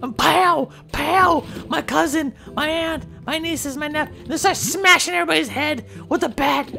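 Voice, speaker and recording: A woman's voice: high-pitched, moderate pace, gravelly, bright, forceful tone, exaggerated voice. A woman voicing a chatty young bottlenose dolphin who tells a rambling tale in character over game footage, stammering and repeating herself. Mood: alarmed. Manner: rambling, stammering storyteller full of fillers and repeats.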